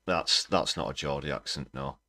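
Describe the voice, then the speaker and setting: A man's voice: rumbling low, moderate pace, creaky, bright, forceful tone, slight background noise. A man hosting a livestream, reacting to news clips with wry, dry commentary. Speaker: livestream host.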